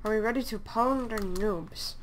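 A woman giving casual gameplay commentary, excitable, exclaiming and grumbling at opponents as she plays. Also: on the high side, moderate pace, a little hiss or hum.

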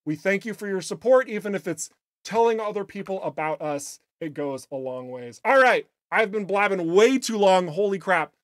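A game studio host chatting casually on a livestream, playful and upbeat with jokey asides. The voice is a little raspy today. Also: mid-range voice, expressive, normal speed, no echo. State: slightly raspy voice.

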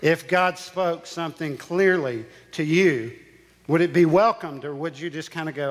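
A man's voice: fairly high pitch, normal speed. A male pastor preaching a sermon, telling a personal story with emphatic repetition. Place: church sanctuary. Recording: church sanctuary with long reverb.

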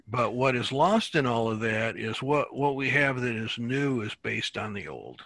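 A man leads a Bible class at medium pitch, relaxed and halting, often repeating words while he thinks. The recording is dry.

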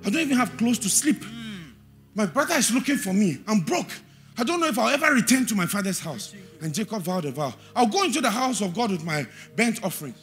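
A man with a Ghanaian English accent preaching a sermon in a church, repeating verse references and swinging from quiet asides to shouted, sing-song emphasis. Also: high-pitched, big pitch swings, a little fast, soft background music.

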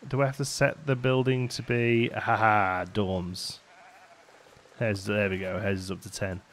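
A man's voice: fairly low pitch, level tone, a little slow, fairly bright tone, a little hiss or hum. Chatty man narrating his gameplay. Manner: chatty, rambling, laughs often. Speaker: let's play host. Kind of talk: casual gameplay commentary.

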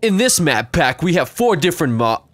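A man hosting casual gameplay commentary with his friends, excitable and panicky, shouting and laughing. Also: on the high side, normal speed, no echo. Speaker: gaming channel host.

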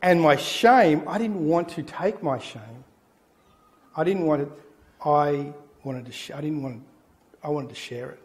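A middle-aged man, a pastor preaching a sermon and telling an anecdote with animated storytelling. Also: a little high, measured pace. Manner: animated storytelling, acting out the people in his anecdote. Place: church.

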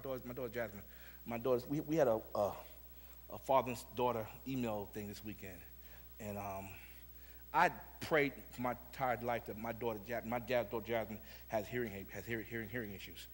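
A middle-aged male pastor preaching a Sunday sermon in a church, repeating words and moving from low musing to shouted preaching. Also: fast. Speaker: senior pastor. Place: church sanctuary.

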